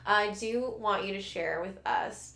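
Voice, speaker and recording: Woman host, casual and affirming, halting filler-heavy speech, recorded in an echoey room. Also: medium pitch, vocal fry, pushed and bright. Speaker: podcast host. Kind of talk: casual chat. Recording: roomy echo.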